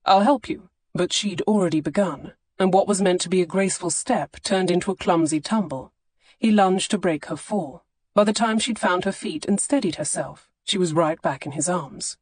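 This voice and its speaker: A woman narrating a historical romance audiobook in a measured, expressive reading on a close studio mic. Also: on the low side, slightly rough, dry recording. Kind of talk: scripted narration.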